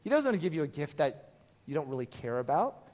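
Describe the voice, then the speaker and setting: A man in his thirties preaching a casual, conversational sermon, telling animated stories and acting out quotes. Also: a little high, fast talker. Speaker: pastor.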